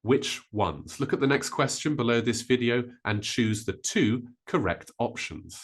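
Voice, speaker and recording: A man teaching a vocabulary lesson, modelling each word slowly and carefully. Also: medium pitch, expressive. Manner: slow, careful, with drawn-out model words. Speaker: English teacher.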